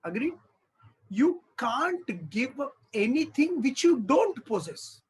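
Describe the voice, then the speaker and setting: A man teaching a discourse on scripture, animated, asking rhetorical questions and acting out small dialogues. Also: very high voice, slow pace, rough recording. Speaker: spiritual teacher.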